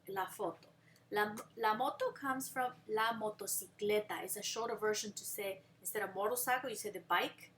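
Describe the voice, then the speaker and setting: A woman leads a recorded language lesson in a crisp, bright voice that sits a little high. She drills rhymes patiently and keeps asking whether the class follows. On the key example words she slows down sharply. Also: slight background noise. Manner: patient, drills rhymes and asks check-in questions. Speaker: Spanish teacher.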